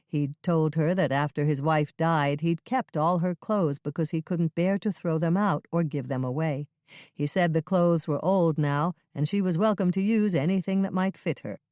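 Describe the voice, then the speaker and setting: Audiobook narrator, measured, steady, mid pitch, dry close sound. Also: dry recording. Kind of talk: scripted narration.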